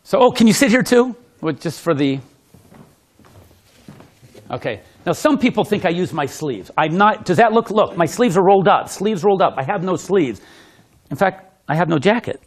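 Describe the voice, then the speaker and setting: A man, a magician, telling stories animatedly to a small audience, laughing often and loudly acting out the voices of the people in his stories. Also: sits high, normal speed. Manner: lively, laughing, acts out quotes loudly. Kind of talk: animated storytelling with demonstration.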